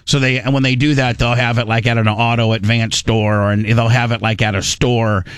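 A man's voice: mid-range voice, fairly quick, smooth, dry recording. Rambling, chatty man host. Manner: rambling storyteller, many restarts, animated asides. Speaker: show host. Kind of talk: casual radio show banter.

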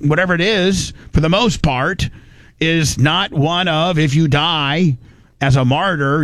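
A man's voice: sits high, fairly bright tone, dry recording. A man hosting a talk radio show, blunt and crude in his commentary.

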